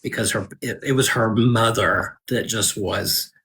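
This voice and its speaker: A man being interviewed as an author, talking in a relaxed, reflective way with many restarts and fillers. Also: on the low side, unhurried, slightly rough. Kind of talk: casual live interview chat.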